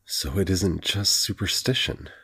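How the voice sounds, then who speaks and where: A man doing a calm, knowing curate. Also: sits low, unhurried, gravelly, husky, full character voice.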